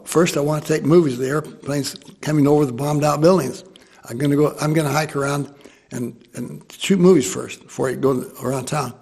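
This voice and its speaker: An older American man telling a war memory to an interviewer, lively and acting out the people he quotes. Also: on the high side, gravelly, slightly rough. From United States. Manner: animated storyteller who voices quoted people. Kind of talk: storytelling.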